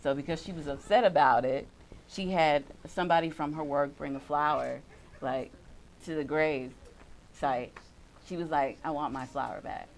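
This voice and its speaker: A woman's voice: low-pitched, fairly even intonation, moderate pace, a little hiss or hum, low-quality recording. A woman co-hosting a casual talk show, telling a family story in a plain way with frequent murmured agreement. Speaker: podcast co-host. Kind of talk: casual chat.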